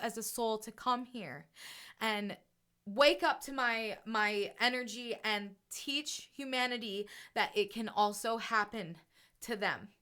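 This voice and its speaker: A woman's voice: on the high side, slow, bright, forceful tone, clean tone. A woman co-hosting a spiritual podcast, talking earnestly and emotionally and often checking in with "right?". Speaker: podcast co-host and self-described channel.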